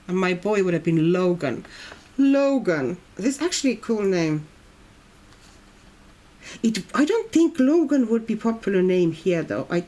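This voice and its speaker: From her home in Brazil, a woman with a mid-range, slightly mellow voice livestreams herself coloring. She chats casually and reads her viewers' comments aloud.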